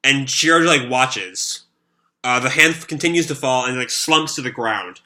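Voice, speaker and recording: A man's voice: medium pitch, moderate pace, pushed and bright. A man with a sore throat recapping a manga chapter live, rambling and full of fillers. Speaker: manga reaction host.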